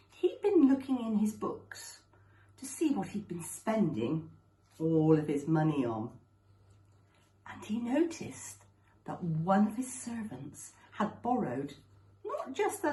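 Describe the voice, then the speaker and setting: A woman telling a children's story at a school assembly, slow and expressive, recorded with a roomy echo. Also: medium pitch.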